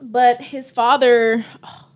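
A woman's voice: a little high, flat delivery, slow. A woman hosting a podcast, chatting candidly and emotionally, swearing freely. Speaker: podcast host. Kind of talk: casual chat.

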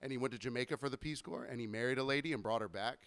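A man's voice: mid-range voice, very fast, fairly bright tone. A young man co-hosting a casual podcast chat, telling anecdotes, laughing often and acting out the people he quotes. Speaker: podcast co-host.

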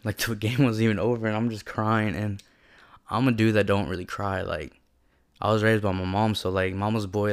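A man's voice: on the low side, flat delivery, moderate pace. A young man telling a personal story in a casual, slangy and earnest way, often saying "like". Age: young adult. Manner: casual and slangy, heavy use of "like", earnest and emotional. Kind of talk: personal reflective monologue.

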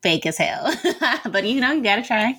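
A woman co-hosting a podcast in casual chat, expressive and playful, joking and laughing as she talks. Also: a little high, normal speed, slightly rough. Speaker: podcast co-host.

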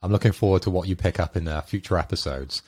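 A man's voice: sits low, fast, darkish tone, breathy edge. A man co-hosting a casual podcast, dry and teasing. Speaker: podcast co-host. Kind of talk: casual chat.

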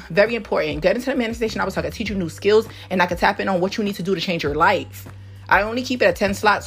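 A woman from Harlem talks fast in a loose, rambling podcast monologue as a manifestation coach, often tagging her points with "right?". She sounds slightly out of breath from cleaning the house. Faint music plays behind her. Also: mid-range voice, husky. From Harlem, New York. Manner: rambling, keeps asking "right?". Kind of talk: casual motivational monologue.

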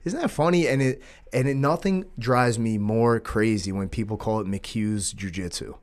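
A man who runs a jiu-jitsu school, hosting a casual podcast chat in an animated, loose way. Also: lowish voice, normal speed. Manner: animated, frequent 'dude' and 'like'.

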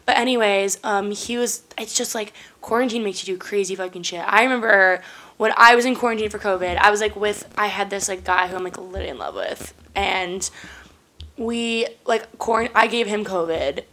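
A woman's voice: medium pitch, moderate pace. A young woman hosting a podcast, telling stories in casual chat with lots of fillers and swearing. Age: young adult. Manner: rambling, many fillers and profanity, lively storytelling. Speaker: podcast host.

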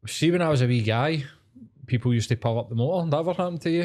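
He speaks at a medium pitch, expressive and a little mellow, as a Glasgow-born podcast co-host from Scotland. His storytelling is casual and full of swearing, with rapid acted-out voices for the people in his tales.

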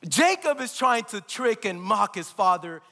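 Guy preaching in a church, really high tense voice, long echo off the hall. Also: sing-song, measured pace, pushed and bright. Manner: emphatic, repetitive preaching with call-outs to the congregation. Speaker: pastor. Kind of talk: live church sermon. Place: church sanctuary.

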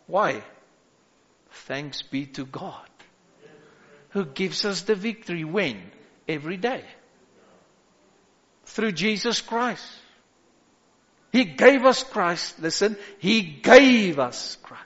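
Male pastor, sermon delivery, slow and deliberate, lo-fi hall recording. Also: sits high, very animated, a bit bright. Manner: preaching with rising exhortations and call-outs. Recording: echoey hall, dull lo-fi sound.

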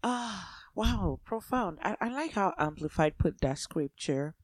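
A woman's voice: medium pitch, expressive, unhurried, no echo, studio quality. Affirming woman co-host. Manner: responsive, affirming, asks follow-up questions. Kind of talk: Bible study conversation.

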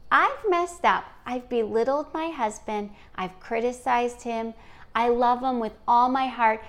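A woman hosting a podcast, speaking earnestly and encouragingly straight to the listener in a scripted monologue. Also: on the high side. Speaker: podcast host.

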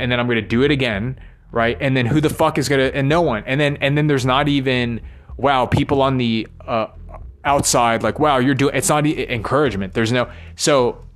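A man venting in a loose, rambling monologue. He sounds worn out and frustrated, stopping and restarting his thoughts and swearing freely. His voice sits at an ordinary middle pitch. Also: fairly even intonation, fairly bright tone. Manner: weary, frustrated venting, halting and profane. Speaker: vlogger.

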